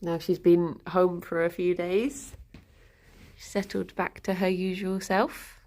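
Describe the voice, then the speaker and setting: A woman's voice: on the low side, level tone, slow pace, a little mellow. A woman streamer chatting casually on a livestream, answering her chat and cooing to her pet rabbits.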